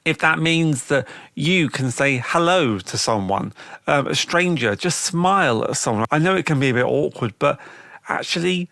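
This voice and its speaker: A man's voice: on the high side, expressive, moderate pace, vocal fry, fairly bright tone, no room sound, studio quality. A man hosting a podcast, talking in a reflective, chatty way with frequent restarts. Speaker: podcast host. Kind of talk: casual spoken monologue.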